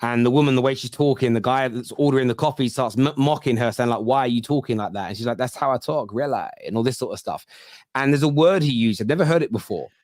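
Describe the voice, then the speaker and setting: Cockney man telling animated stories. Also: mid-range voice, quick pace, no room sound, studio quality. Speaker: football podcast host. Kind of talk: casual chat.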